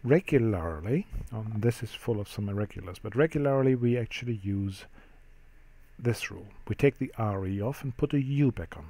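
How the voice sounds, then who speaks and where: Mellow-voiced man teaching French grammar. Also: fairly low pitch, moderate pace. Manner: explanatory, steady, with frequent ums. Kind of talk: classroom-style grammar lesson.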